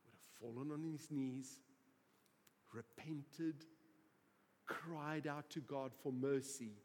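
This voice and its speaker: A man preaching a sermon, telling stories in an animated, humorous way. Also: medium pitch, slow. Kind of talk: sermon storytelling. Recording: reverberant hall.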